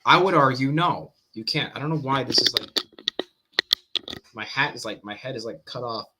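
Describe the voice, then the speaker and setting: A man's voice: medium pitch, moderate pace, heavy background noise. A man giving casual, hesitant reaction commentary on a street preaching clip as a Christian apologetics commentator. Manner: hesitant, many restarts and fillers.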